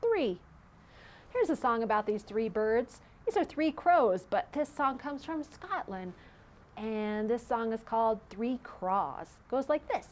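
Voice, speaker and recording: A woman with a higher-pitched voice reads slowly from a picture book. As a children's librarian, she brings the story to life expressively and asks her listeners questions as she goes.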